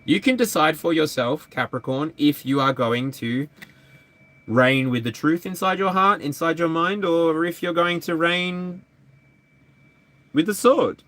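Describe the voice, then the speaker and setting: A man's voice: a little high, a little slow, a bit bright. A man giving a live tarot energy reading, chatty and playful. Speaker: tarot reader.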